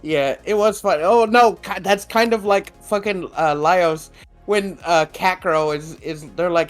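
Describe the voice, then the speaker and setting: A man's voice: high-pitched, measured pace, faint music behind. A man co-hosting a podcast in casual chat, rambling, laughing often and swearing casually. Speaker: podcast co-host.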